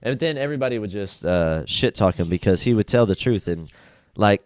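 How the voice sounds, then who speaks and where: A man's voice: lowish voice, brisk, no echo. A young man hosting a podcast, chatting casually and acting out quotes from people in different voices, loose and profane. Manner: animated storyteller, acts out quotes in voices. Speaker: podcast host.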